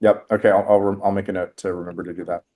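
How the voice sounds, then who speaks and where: A man co-hosting a livestream who talks bluntly, swears freely and thinks out loud. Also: low-pitched, little pitch movement, rapid-fire. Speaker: developer co-host. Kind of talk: casual livestream chat.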